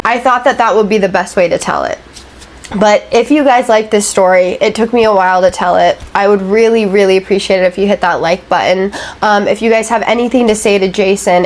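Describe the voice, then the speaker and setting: A woman hosting a storytelling channel, chatting casually and emotionally with her viewers, laughing often. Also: mid-range voice.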